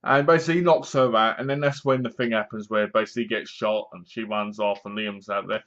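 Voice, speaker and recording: A male film reviewer with a lowish, steady, slightly bright voice talks fast through a sarcastic, casual spoken review, often acting out lines in funny voices. The recording sounds dull and lo-fi.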